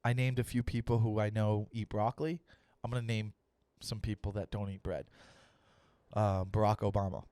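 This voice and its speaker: Animated, profane man ranting on a podcast. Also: fairly low pitch, normal speed, smooth, no room sound. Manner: animated, profane, rants with acted-out dialogue. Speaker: comedian host. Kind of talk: comedic podcast monologue.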